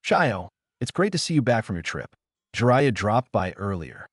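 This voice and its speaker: A man voicing a tired middle-aged village leader who briefs calmly and gravely, in a storybook reading. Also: fairly low pitch, moderate pace, dry recording, studio quality.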